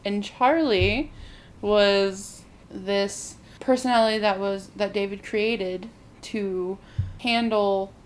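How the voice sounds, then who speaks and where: Woman co-host, casual movie recap, animated, voices the characters, faint ambient noise. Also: medium pitch, slow. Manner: animated storytelling, acts out characters' lines, frequent "like".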